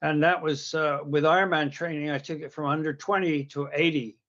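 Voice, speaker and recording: A man's voice: on the high side, fairly even intonation, brisk, fairly bright tone, lo-fi sound. A middle-aged man, a pathologist guest on a podcast, explaining technical points in a conversational way with some "uh" fillers.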